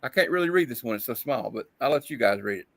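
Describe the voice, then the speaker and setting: A man hosting a casual streamed show, reading old comic panels aloud with quick put-on voices and frequent laughter. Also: mid-range voice, animated, a bit bright, dry recording. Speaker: host. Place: streamed show, live online.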